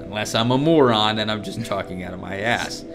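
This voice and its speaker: A man's voice: fairly low pitch, fairly quick, over music. A man co-hosting a horror game playthrough, mocking his partner with sarcastic, profane jokes. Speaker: co-host playing a horror game. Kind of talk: gaming commentary.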